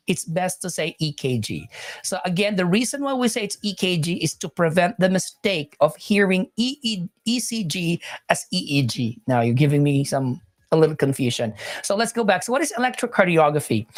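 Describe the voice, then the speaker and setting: Chatty woman teaching nursing. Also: fairly low pitch. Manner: repetitive, self-correcting, chatty with viewers. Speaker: nursing exam lecturer. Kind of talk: live-streamed teaching.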